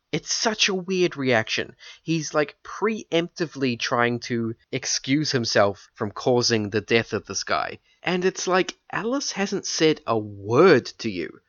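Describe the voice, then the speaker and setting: A man's voice: medium pitch, fairly bright tone, no room sound. Dry-voiced man on a dull mic. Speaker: podcast co-host. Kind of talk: casual movie discussion.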